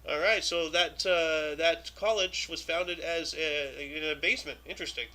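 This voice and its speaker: A man's voice: a little high, steady tone, normal speed, sharp tone, low-quality recording. A man hosting a livestream, reading historical dates aloud and then chatting loosely about each one, with many ums and restarts. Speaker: host of a daily history show.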